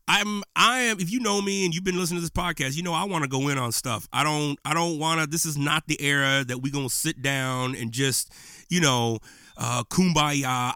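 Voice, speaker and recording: A man's voice: mid-range voice, sharp tone, no echo, clean studio sound. A man hosting his own podcast, talking in an impassioned, preachy and slangy way in a casual monologue. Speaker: podcast host. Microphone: podcast microphone.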